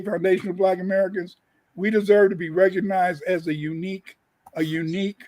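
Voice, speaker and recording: Man co-host, high voice, emphatic, loops back on his words. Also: darkish tone, rough recording. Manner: emphatic, rambling, repeats himself. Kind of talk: casual opinionated talk.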